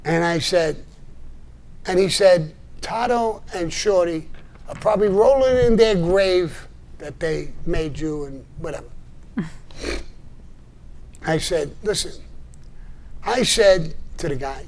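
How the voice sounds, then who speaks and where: An older man holds forth on a live stream, cursing freely and pushing back hard at a critic. His voice sits somewhat high for a man, and his delivery is blunt and combative, broken by short gruff laughs. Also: animated, slow, long pauses, a little mellow. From New York. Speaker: live show host answering viewer messages. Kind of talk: blunt livestream monologue.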